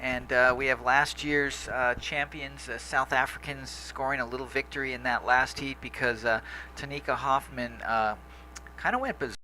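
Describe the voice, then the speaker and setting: A man from Hawaii doing live surf commentary, relaxed and pausing with fillers. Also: medium pitch, a little hiss or hum.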